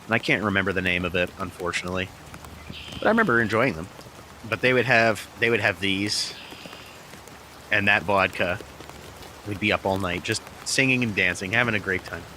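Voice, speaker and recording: A man's voice: fairly low pitch, fairly quick, long pauses, a little hiss or hum. Rambling man in pouring rain. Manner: rambling, hesitant, many restarts. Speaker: beer review vlogger. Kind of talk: casual chat. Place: outdoors in heavy rain. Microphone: small mic on camera, outdoors. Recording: outdoor recording with loud rain.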